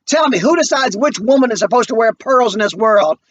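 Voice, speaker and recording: A man reading a play aloud, voicing a proud, desperate grown son with pleading, strained high cries. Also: lively intonation, a little fast, a bit bright, far from the mic, dull audio, exaggerated voice.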